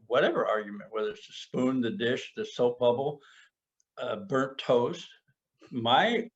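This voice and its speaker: A middle-aged man with a gravelly, fry-edged voice talks things through earnestly. He halts and repeats words as he searches for what to say. The recording sounds muffled and lo-fi. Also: mid-range voice. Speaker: podcast co-host sharing personal experience. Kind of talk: reflective casual conversation. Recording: muffled lo-fi podcast audio.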